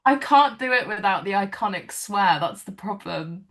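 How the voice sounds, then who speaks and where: Young British female singer, chatty guest, quick to laugh at herself, middle pitch. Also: animated, background noise. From United Kingdom. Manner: chatty, self-mocking, heavy use of "like". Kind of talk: casual interview chat.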